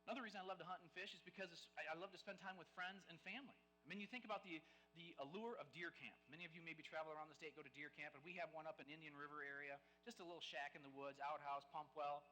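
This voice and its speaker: Male guest speaker, animated conversational storyteller, bright forceful tone, rapid delivery. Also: a little high, slight background noise, poor audio. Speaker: guest speaker at a game dinner. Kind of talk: live storytelling speech to a dinner crowd.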